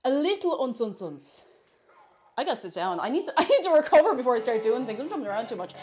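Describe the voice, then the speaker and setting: A woman's voice: fairly high pitch, sing-song, rapid-fire, darkish tone. A young Irish woman chatting casually on a live cooking stream, reading out and answering viewers' messages. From Ireland. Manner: chatty, reads out chat messages.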